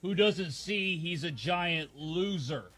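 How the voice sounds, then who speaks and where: A man co-hosting a casual podcast chat, wry and quick to tease. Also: on the high side, a bit bright. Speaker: podcast co-host.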